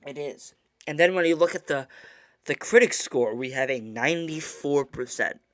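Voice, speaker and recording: A man's voice: fairly high pitch, normal speed, fairly bright tone, no room sound. Stammering mock-indignant male podcast host. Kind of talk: casual chat.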